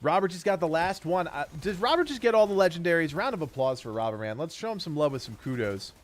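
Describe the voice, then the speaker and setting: A man with a fairly high voice and big swings in pitch streams a game live, chatting casually and reading out where his viewers are tuning in from. He's upbeat and rattles off viewer names in a quick list, and he mentions having kids.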